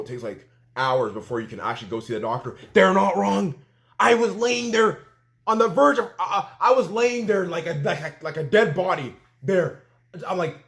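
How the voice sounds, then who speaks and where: A young man from Canada telling a story in a casual vlog, animated and full of fillers, acting out what he said at the time. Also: on the high side, vocal fry. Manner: animated storytelling, filler-heavy, acts out his own quotes. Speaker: vlogger.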